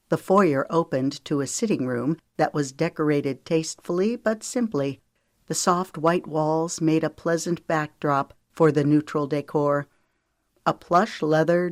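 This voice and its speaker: Low-voiced woman narrating calmly. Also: dry recording, clean studio sound. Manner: calm, measured storytelling with lifted voices for dialogue. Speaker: audiobook narrator. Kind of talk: scripted narration.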